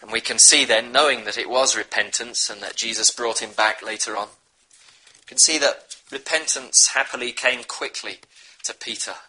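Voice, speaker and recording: A man's voice: medium pitch, normal speed, bright, forceful tone, low-quality recording. A man preaching a sermon, earnestly urging his listeners to repent. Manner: earnest, pleading exhortation.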